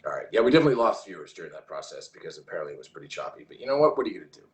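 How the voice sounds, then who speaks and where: A man's voice: sits low, sing-song, rapid-fire. A man hosts a casual livestream from home, his voice rising and falling with animation as he reads comments aloud. He rambles and restarts often, and the room around him rings with a noticeable echo. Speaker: livestream host.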